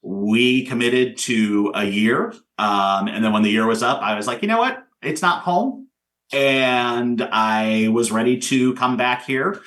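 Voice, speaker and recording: A man's voice: mid-range voice, fairly even intonation, unhurried, hardly any pauses, a bit bright. A man from Indiana, a theater director, talking casually about his career as an interview guest, rambling with many fillers.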